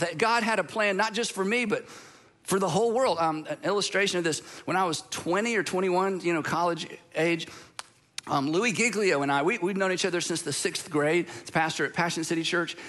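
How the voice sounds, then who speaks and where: High, bright-voiced man preaching. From southern United States. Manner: earnest, conversational storytelling with restarts. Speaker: pastor. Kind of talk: sermon.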